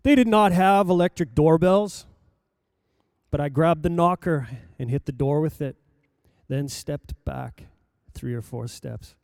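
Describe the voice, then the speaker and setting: Older man, preacher, sermon story, slightly high voice, smooth and warm, dry close sound. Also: unhurried, no echo. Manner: lively anecdotal telling with acted quotes.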